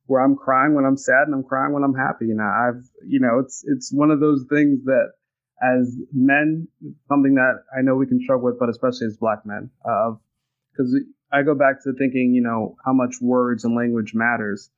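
A man's voice: mid-range voice, fairly even intonation, moderate pace, highs cut off. A young man telling a personal story in casual conversation, reflective and earnest, often restarting his sentences. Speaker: guest.

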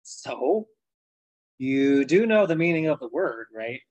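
A man's voice: fairly high pitch, big pitch swings, slow pace, a little mellow. A man reading aloud and voicing a breezy young woman who teases her friend casually. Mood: teasing.

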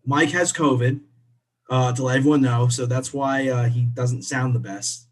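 A podcast co-host chats casually and upbeat, drifting into laughter now and then. His mid-range voice keeps a fairly even intonation at normal speed.

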